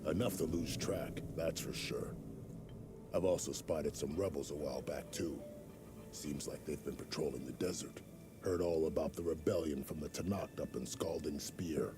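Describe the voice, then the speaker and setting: This video game scout, voiced by an actor, is a gruff, weathered man whose voice is extremely deep and gravelly. He speaks over music in a measured, matter-of-fact way, staying steady throughout.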